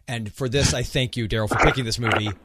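A man hosting a casual movie podcast, telling the story with jokes and a playful, animated delivery. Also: mid-range voice, quick pace, heavy background noise. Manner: joking, animated storytelling with playful put-on accents. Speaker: podcast host.

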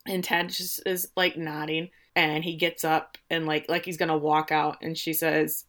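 A middle-aged woman in casual chat, recapping a TV episode with lively, swearing retellings. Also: lowish voice, brisk. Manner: animated retelling with swearing and laughs. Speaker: podcast co-host recapping a TV episode.

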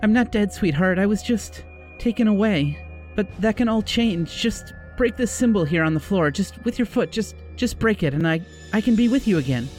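A man's voice: high-pitched, lively intonation, moderate pace, darkish tone, faint music behind, pitched above the performer's own voice. A man putting on a coaxing spirit mother. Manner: tender, coaxing, pleading. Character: spirit posing as a loving middle-aged mother.

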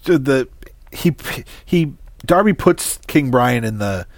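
A man's voice: mid-range voice, expressive, slow pace, creaky, no room sound. A man co-hosting a podcast, chiming in with corrections while recapping a film plot. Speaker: podcast co-host. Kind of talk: casual movie recap chat.

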